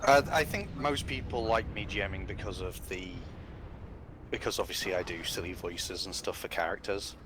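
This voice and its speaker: A man's voice: sits low, moderate pace, background noise. A man chatting casually with a streamer about running tabletop games, asking rambling, laid-back questions. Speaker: game master friend on voice chat. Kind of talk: casual chat.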